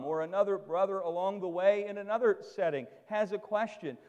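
A man's voice: darkish tone, in a large hall. A male pastor preaching a sermon with emphatic, dramatic delivery. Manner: emphatic preaching with dramatic swings in pitch and volume.

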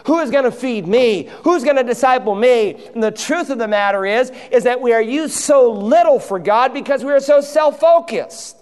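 A man's voice: very high-pitched, lively intonation, normal speed, hardly any pauses, clean tone, long reverb tail. A man preaching a sermon from a church pulpit, driving his points home and acting out the voices in the stories he tells. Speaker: pastor. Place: church sanctuary.

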